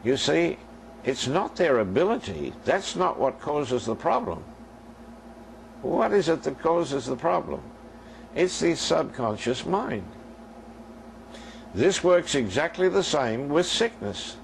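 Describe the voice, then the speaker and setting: An older man preaches a sermon, his voice gravelly and his pitch rising and falling with lively movement. He tells stories and acts out their conversations as he speaks straight to the congregation. A faint hiss of noise sits behind him. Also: slow pace, pauses often, rough recording. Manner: storytelling preacher acting out dialogue, addressing the congregation directly. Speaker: minister.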